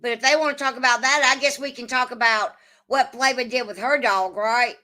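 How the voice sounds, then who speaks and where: A woman's voice: on the high side, steady tone, brisk, pushed and bright. A woman hosting a casual livestream, swearing often and arguing back at her chat. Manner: profane, combative, answers chat. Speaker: livestream host.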